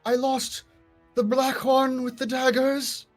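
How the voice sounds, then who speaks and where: Man doing large female creature, high pitched, gentle but fierce, tabletop game voice, faint music behind. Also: level tone, slow pace. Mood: warning.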